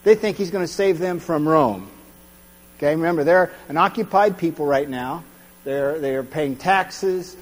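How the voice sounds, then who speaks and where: A man with a high, bright voice preaches in a relaxed, conversational way, often stopping to check that his listeners follow him. He acts out the voices of the crowd as he goes. The sound carries a long hall reverb over a low mains hum. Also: measured pace. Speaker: pastor. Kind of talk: sermon.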